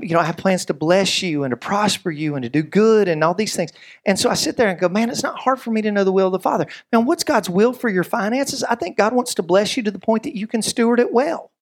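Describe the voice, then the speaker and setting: A man preaching a sermon as pastor, conversational, with stammered restarts, acting out little voices and quotes. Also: high voice. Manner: lively, acts out voices and quotes.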